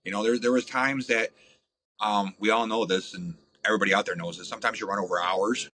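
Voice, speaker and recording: A man's voice: lowish voice, fast talker, a little hiss or hum, poor audio. Blunt, foul-mouthed man telling stories. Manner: blunt, crude, animated with frequent fillers. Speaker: podcast guest. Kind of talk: profane casual storytelling.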